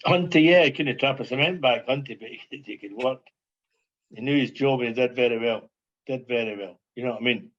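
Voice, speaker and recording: A man's voice: mid-range voice, a little fast, muffled recording. An older man, a former footballer, reminiscing as a podcast guest in a rambling way, repeating phrases and asking "you know what I mean". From Scotland. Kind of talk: casual reminiscing chat.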